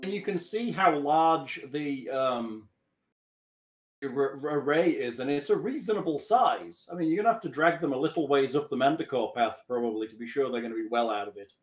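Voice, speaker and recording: A man's voice: fairly high pitch, fairly quick, reverberant, faint music behind. A man acting as game master, checking rules aloud and ruling on what the players can do. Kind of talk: casual game chat.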